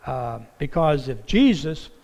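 A man delivers a sermon from a church stage, lively and storytelling, his voice sitting a touch high for a man. He acts out the voices in his quotes as he goes. The sound carries the long reverb of a large hall. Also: slow pace. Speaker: pastor. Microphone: stage microphone with monitor.

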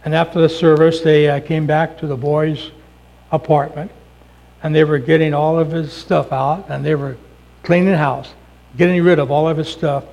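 Guy preaching, kinda high voice, tells stories, goes quiet on the big points. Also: little pitch movement, normal speed, vocal fry, lo-fi sound. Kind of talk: sermon storytelling.

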